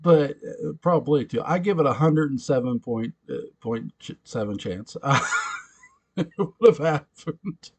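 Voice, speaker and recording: Here a fan commentator walks through a TV episode in relaxed conversation, his medium-pitched voice expressive, unhurried, somewhat mellow and a bit rough. Giggles and self-corrections punctuate his rambling.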